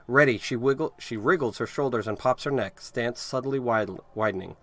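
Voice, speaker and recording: A man's voice: mid-range voice, normal speed, fairly bright tone. A man hosting a let's play, reading game text aloud with casual, wry asides. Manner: casual, wry asides between read passages.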